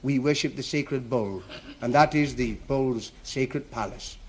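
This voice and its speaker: Bloke doing a grave old chief, quiet, low and formal. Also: male voice, a little slow, close to an everyday voice. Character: solemn older male village chief.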